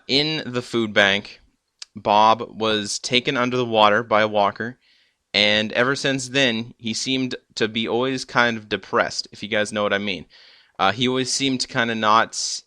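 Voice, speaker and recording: A young man chats through a TV episode recap, stumbling over restarts and fillers as he goes. His voice sits low yet comes across bright and forceful. The sound is dry and close, with no room around it. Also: steady tone, a little slow, smooth, no room sound. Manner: rambling, many fillers and restarts. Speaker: episode reviewer. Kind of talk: casual recap.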